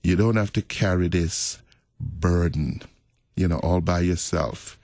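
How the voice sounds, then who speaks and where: A middle-aged man, a pastor, talking about faith in a relaxed, reflective, storytelling way. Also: low voice, a little slow, no echo, clean studio sound. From Jamaica. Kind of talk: casual faith conversation.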